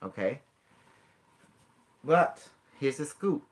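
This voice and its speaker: A man's voice: mid-range voice, expressive, drawn-out words. A man hosting a casual talk, coaching his guest step by step with frequent laughs and broken grammar. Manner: instructive, coaxing, laughs often, non-native grammar. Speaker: host teaching a guest. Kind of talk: casual guided demonstration.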